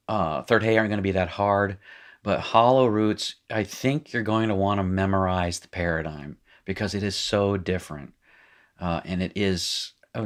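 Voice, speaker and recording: A man teaching a recorded lesson in a casual, rambling way, reading from a textbook and correcting himself as he goes. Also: low-pitched. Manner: rambling, self-correcting, joking asides; reads textbook aloud then comments.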